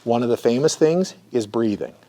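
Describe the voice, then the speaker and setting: A man who works as a therapist, giving an educational lecture and demonstrating slow breathing, often checking in with "right?". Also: mid-range voice, animated, warm tone. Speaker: therapist teaching a class.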